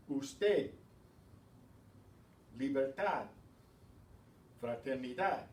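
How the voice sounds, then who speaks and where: A man teaching a beginners' language class, calling out each word loudly and then explaining it more quietly. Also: lowish voice. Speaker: Spanish teacher. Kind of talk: slow, patient pronunciation drill. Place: class room. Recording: roomy, from far off, faint hiss.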